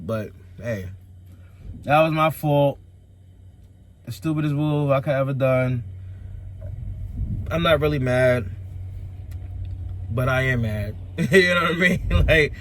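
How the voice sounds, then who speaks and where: A man, a trucker vlogger, telling a story as a casual rant and acting out quoted dialogue in an animated way. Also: medium pitch. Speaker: owner-operator trucker vlogger.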